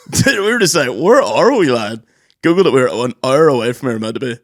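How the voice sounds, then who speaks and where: A young man, co-hosting a podcast in a studio and telling stories in lively casual chat, swearing freely. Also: medium pitch, quick pace, no echo. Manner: animated storyteller, swears freely, does loud voices. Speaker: podcast co-host.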